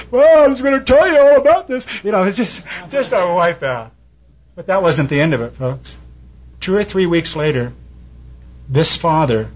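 Husky preacher man, dull lo-fi sound. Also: medium pitch. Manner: storytelling preacher, quotes people in raised voices. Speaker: pastor. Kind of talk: sermon. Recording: dull lo-fi recording.

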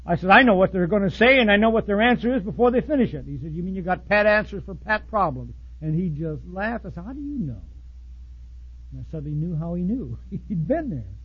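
A man preaching a sermon in a blunt, folksy way, swinging from loud outbursts to soft asides. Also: high voice, expressive, a little fast, husky, lo-fi sound. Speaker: pastor.

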